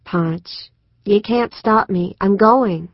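A woman voicing an excitable, idealistic younger sister who talks in an earnest, insistent way. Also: mid-range voice, takes it slowly, dry recording. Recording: dry, slightly muffled studio recording.

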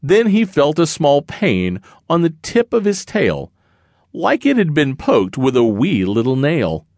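A man's voice: fairly high pitch, wildly swooping pitch, unhurried, a little mellow, no echo. A man narrating a rhyming children's picture book in a sing-song read-aloud manner. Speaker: audiobook narrator.

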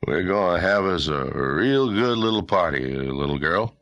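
A man voicing a drunk, menacing brute in a historical audiobook, speaking in a slow, leering drawl. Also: low voice, lively intonation, fairly bright tone, no echo, lo-fi sound, full character voice.

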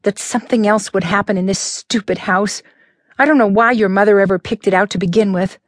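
A woman's voice: steady tone, a little fast, no echo, studio quality, natural voice. A woman doing a frightened teenage girl. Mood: resentful. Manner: anxious, raises pitch, strained.

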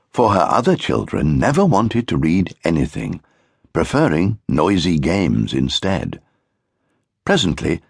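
A man narrating a children's audiobook in an expressive storytelling manner. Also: sits low, vocal fry, husky, no echo, studio quality. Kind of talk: scripted narration of a children's book.

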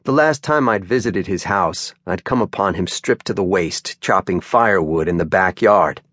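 A male audiobook narrator with a lowish voice reads a crime novel in first person. His delivery is measured and even, recorded close on a very dry studio mic. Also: no room sound.

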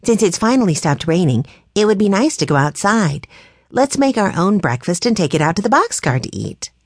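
Violet, a woman doing a gentle young girl. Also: mid-range voice, very animated, fairly quick, no room sound.

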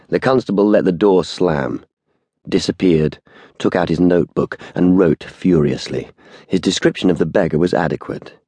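A man narrating an audiobook in a steady, measured storytelling manner, close to the mic. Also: sits low, no echo.

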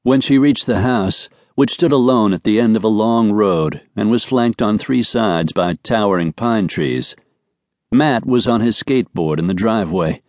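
A man narrating a romance audiobook in an even, measured way. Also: lowish voice, dry recording. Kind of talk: scripted narration. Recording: dry studio recording.

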